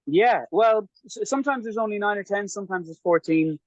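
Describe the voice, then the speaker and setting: A man's voice: high voice, a little fast, dry recording, highs cut off. Rambling, self-mocking man. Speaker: podcast guest recounting training. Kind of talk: casual chat.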